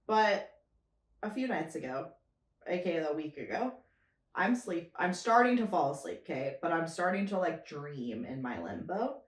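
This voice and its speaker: Lowish-voiced woman, animated podcast chat. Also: normal speed, echoey room. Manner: animated storyteller, laughs often. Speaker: podcast co-host. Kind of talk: casual chat.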